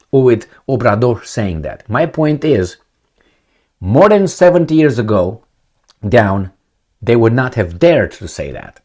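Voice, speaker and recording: A man giving blunt solo commentary, firing rhetorical questions and swinging between loud and soft. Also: medium pitch. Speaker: political commentator.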